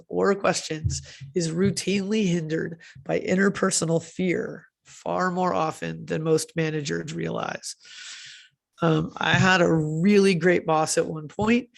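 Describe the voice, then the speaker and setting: A woman's voice: on the low side, vocal fry. A woman giving a conversational conference talk on leadership, often asking "right?" and correcting herself with fillers as she goes.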